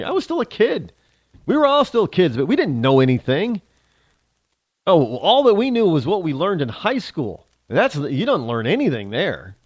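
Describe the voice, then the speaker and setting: A man's voice: a little high, no room sound, studio quality. A male talk show host delivering a sarcastic, ranting opinion monologue, switching into mock voices.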